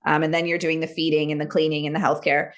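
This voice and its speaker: A woman with an American accent, a guest chatting casually about her work as a wildlife educator, talking in fast, filler-heavy stories. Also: sits low, little pitch movement. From United States. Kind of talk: casual chat.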